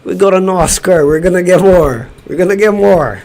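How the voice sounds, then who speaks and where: A man from Brazil hosting a live watch-party stream from his home studio, shouting elated cheers between chatty remarks. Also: sits high, moderate pace. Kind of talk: excited live-stream chat.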